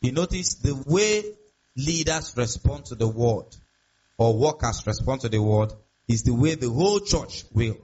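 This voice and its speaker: Pastor guy preaching, husky voice, keeps asking "you get the point", kinda muffled lo-fi audio. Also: mid-range voice, lively intonation, unhurried, a little mellow. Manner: emphatic, repetitive, rhetorical questions. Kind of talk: sermon. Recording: dull lo-fi sound.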